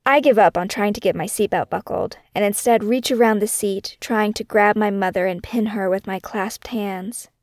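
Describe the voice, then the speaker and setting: A woman narrating her own memoir in a measured, reflective scripted reading for a podcast she wrote. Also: medium pitch, no room sound, clean studio sound.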